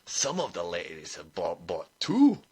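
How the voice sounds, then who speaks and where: A man's voice: deep voice, huge pitch swings, measured pace, a little mellow, breathy edge, exaggerated voice. A man voicing a cheerful, shrewd dwarf trinket seller with a sly sales patter.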